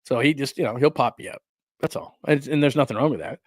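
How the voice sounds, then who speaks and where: A man hosting a solo sports talk livestream, ranting with quick asides and laughs and greeting people in the live chat. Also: mid-range voice, no room sound, clean studio sound. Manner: reads and answers live chat.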